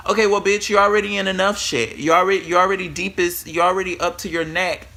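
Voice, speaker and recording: A man, a spiritual worker, giving sassy, profane motivational talk to camera in a brash, animated way. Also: high-pitched, fast, vocal fry, hardly any pauses. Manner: brash, animated, swears freely, calls the viewer bitch and girl; repeats and restarts words when excited.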